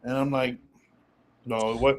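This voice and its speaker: A man speaks in a middle register, looking back on his childhood with halting, repeated starts. His chat is loose and reflective, as if talking it through out loud. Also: mid-range voice, little pitch movement. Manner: halting, many restarts, reflective.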